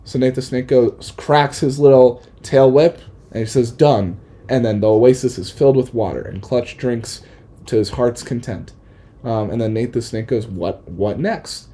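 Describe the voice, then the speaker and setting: A man's voice: medium pitch, steady tone, normal speed, dark tone. A man narrating an improvised comedic story in a playful, rambling way. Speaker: podcast host.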